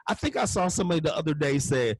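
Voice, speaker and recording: Husky, profane, animated stand-up comedian man. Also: fairly high pitch, rapid-fire, no room sound, poor audio. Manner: profane, animated, ranting with frequent curse words.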